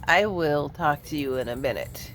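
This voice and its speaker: A woman rambling casually to her viewers while in pain from a migraine, speaking low and quiet, wandering off her thread and laughing often. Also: expressive, normal speed, slight background noise. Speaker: vlogger. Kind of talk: casual rambling monologue to camera.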